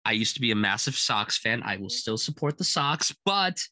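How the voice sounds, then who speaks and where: Guy raving about movies, bright crisp voice, super dry sound, video call vibe. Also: mid-range voice, lively intonation, moderate pace, no echo. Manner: enthusiastic, gushing, laughs often. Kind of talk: casual film chat. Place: home room.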